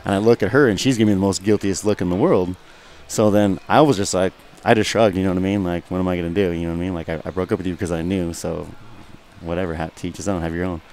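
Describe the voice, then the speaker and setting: A man's voice: low-pitched, steady tone, fast talker, a little mellow, slight background noise. A young man, a guest fighter, telling a rambling, profane story in casual chat and often asking "you know what I mean".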